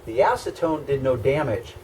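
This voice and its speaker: In a step-by-step, hands-on lesson on fixing car scratches, the instructor speaks conversationally and with emphasis. He has a mid-range, somewhat dark voice with lively intonation at a normal speed, and a little hiss or hum is audible.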